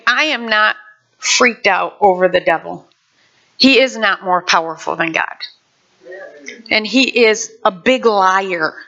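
A woman's voice: on the high side, bright, forceful tone, lo-fi sound. A woman pastor preaching a fervent sermon, moving from prayer to acting out voices.

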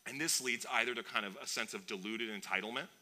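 A man preaching a sermon in a conversational, animated way, with playful asides. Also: lowish voice, quick pace. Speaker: pastor.

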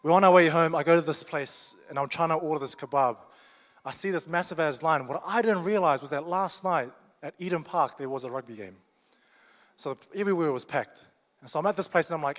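Joking New Zealand preacher in a hall. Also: male voice, a little high, fast talker, a bit bright. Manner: joking, conversational and down-to-earth. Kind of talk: sermon. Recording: long reverb of a large hall.

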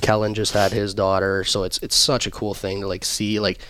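A man's voice: fairly low pitch, little pitch movement, moderate pace, a bit bright, a little hiss or hum. A young man and pro hockey player telling easygoing, rambling stories as a podcast guest, full of fillers. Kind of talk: casual podcast chat.

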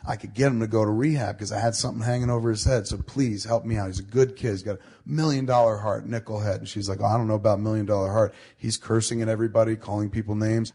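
A middle-aged man telling a long story in casual talk, swearing freely and acting out the people he quotes. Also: fairly low pitch. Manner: swearing, animated storyteller quoting others. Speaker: podcast host.

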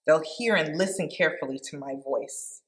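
A woman's voice: deep voice, moderate pace. A woman giving an informal devotional Bible teaching, reading scripture aloud and reflecting on it in an earnest, conversational way.

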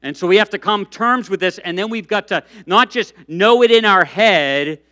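Middle-aged male pastor, high bright voice, lively storytelling sermon. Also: normal speed. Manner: lively storytelling, frequent restarts and fillers.

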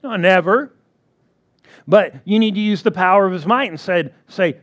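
A man's voice: sits high, normal speed, fairly bright tone. A man preaching a sermon who repeats his key phrases and keeps asking the congregation for agreement.

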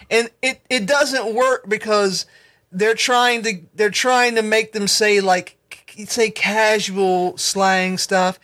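A man in casual podcast chat, halting and stammering as he searches for words. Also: sits high, bright, forceful tone.

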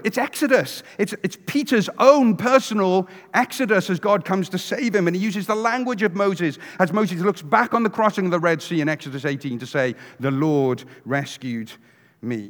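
Male preacher, expressive storyteller who shifts between loud and hushed, recorded in a big echoing sanctuary. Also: high voice, fairly quick. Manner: animated storytelling, acts out voices, swings from loud to hushed. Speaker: pastor. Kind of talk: sermon. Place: church sanctuary.

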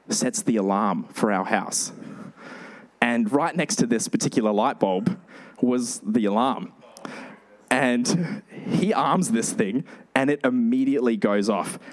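A male pastor giving a sermon, telling lively stories with animated delivery. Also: mid-range voice, moderate pace. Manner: storytelling, animated.

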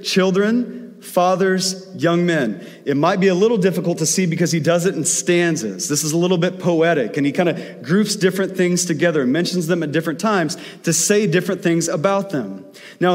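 Brief: male pastor, slightly high voice, chatty storytelling sermon, long hall reverb. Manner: conversational storytelling preaching.

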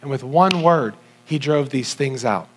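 A man preaching a sermon to a congregation, animated and asking his listeners rhetorical questions as he swings between low and high pitch. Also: a little slow, a little hiss or hum. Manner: audience-addressing with rhetorical questions.

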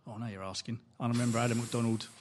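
A man's voice: medium pitch, fairly even intonation, rapid-fire, a little hiss or hum. A man appearing as a first-time podcast guest, reminiscing in short bursts about an old match. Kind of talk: casual podcast chat.

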